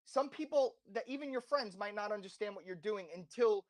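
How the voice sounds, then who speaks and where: A man's voice: high voice, brisk. Man, slight accent, podcast guest, impassioned, rambling, frequent restarts. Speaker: interview guest. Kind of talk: casual podcast interview.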